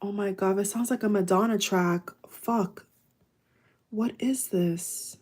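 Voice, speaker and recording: A woman in the middle of a casual live stream, rambling warmly to her viewers and calling them guys. Her pitch sits squarely in the ordinary middle range, and she gushes freely with plenty of likes and ums. She is talking at home at night through wireless earbuds. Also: takes it slowly. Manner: chatty and effusive, many fillers, addresses viewers as guys. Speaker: YouTuber doing a live reaction.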